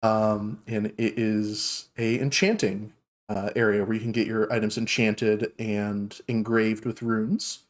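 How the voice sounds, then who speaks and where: A man's voice: fairly low pitch, level tone, slow pace. A man narrating a fantasy tabletop game as game master, in a loose, filler-heavy way.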